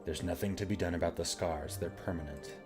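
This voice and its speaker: A man voicing a grave, calm scarred man with no memory, speaking low and subdued. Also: fairly quick, music in the background, close to an everyday voice.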